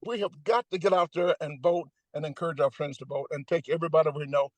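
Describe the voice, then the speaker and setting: Older comedian guy on a video call, high voice, dry close sound, joking and punchy. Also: quick pace, no room sound, low-quality recording. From Atlanta, United States. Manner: emphatic, joking, preacher-like cadence. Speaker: comedian guest. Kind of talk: animated comedic chat.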